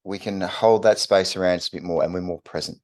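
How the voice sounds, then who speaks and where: Calm, low-voiced male co-host. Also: fast talker. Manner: calm, supportive, prompting questions. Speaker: podcast co-host. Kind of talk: casual chat.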